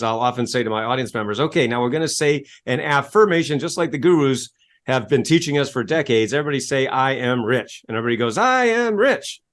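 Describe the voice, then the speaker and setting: A man coaching people on self-belief, speaking as an interview guest. His voice sits at a middle pitch, and he delivers his points like a sales pitch, acting out little scenes and spelling words out slowly. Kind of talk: enthusiastic storytelling interview talk.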